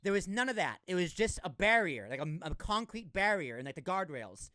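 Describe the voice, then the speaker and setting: A young man from Massachusetts hosting a podcast in a studio, telling a story in an animated, self-mocking way. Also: high-pitched, a little fast, no room sound. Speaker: podcast host. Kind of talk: casual chat. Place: recording studio.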